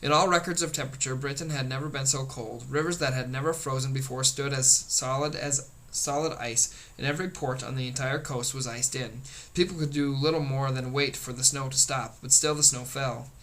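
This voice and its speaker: A man's voice: mid-range voice, a little fast, hardly any pauses, poor audio. Man reading a novel aloud. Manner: steady, with occasional slips and restarts. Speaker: audiobook reader.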